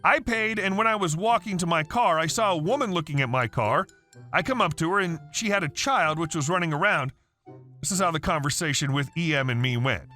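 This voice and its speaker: A man narrating reddit stories in an animated reading voice, with faint music behind. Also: a little high, fairly quick.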